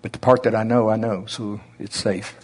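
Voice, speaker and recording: A man with an Oklahoma accent preaching a sermon in a slow drawl, with emphatic rises and drops. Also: fairly low pitch, flat delivery, slightly rough.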